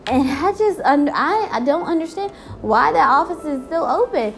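A woman's voice: high voice, lively intonation, normal speed, creaky, soft background music. A woman ranting in a casual vlog, exasperated and full of swearing.

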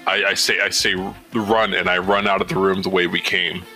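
A man's voice: low voice, completely flat delivery, fast talker, sharp tone, faint music behind, poor audio. A man playing a tabletop role-playing game in casual chat, talking hesitantly with many fillers. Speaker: player.

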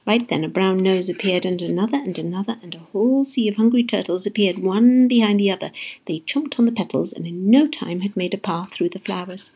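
A woman narrates a children's storybook in an expressive telling voice, now and then dropping into a whisper. Her voice is gravelly and husky, with a rough, breathy texture. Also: medium pitch, brisk.

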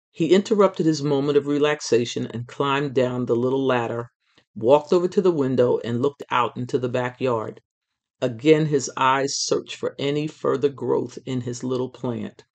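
Expressive children's storybook reader. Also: medium pitch. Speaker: storyteller reading a children's book. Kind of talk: read-aloud children's story narration.

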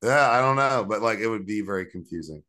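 Man, podcast co-host, casual chat, slangy, rambling, fairly low voice. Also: animated, fast talker, pushed and bright. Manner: rambling, slangy, full of fillers and restarts.

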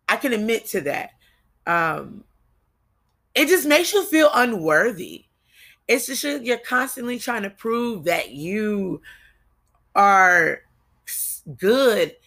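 Bright-voiced young woman with Jersey accent. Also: mid-range voice. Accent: New Jersey. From New Jersey. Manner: candid, confessional, drawn-out ums and restarts. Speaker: podcast host. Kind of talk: casual solo podcast monologue.

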